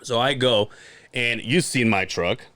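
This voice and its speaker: A man's voice: mid-range voice, measured pace. A man hosting a podcast, telling crude jokes and rambling stories in casual banter. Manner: joking, crude and animated storytelling. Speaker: podcast host.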